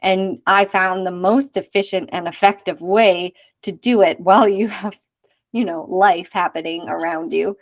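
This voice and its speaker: A woman in her thirties hosting a casual podcast interview, chatty and quick to act out conversations she has had. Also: on the low side, fairly even intonation, highs cut off. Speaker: podcast host.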